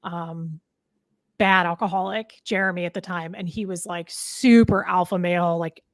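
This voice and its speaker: A woman's voice: on the low side, fairly even intonation, normal speed, no echo, studio quality. A woman in her thirties telling a personal story in a casual interview, frank and rambling, with many fillers and restarts. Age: 30s. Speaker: podcast guest. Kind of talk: candid storytelling in casual chat.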